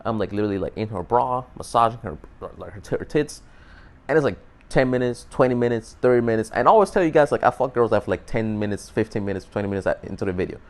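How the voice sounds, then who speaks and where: A man's voice: fairly low pitch, fast. A man telling a dating story in a casual, profane monologue, often repeating and restarting words. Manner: animated, emphatic. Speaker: dating advice vlogger.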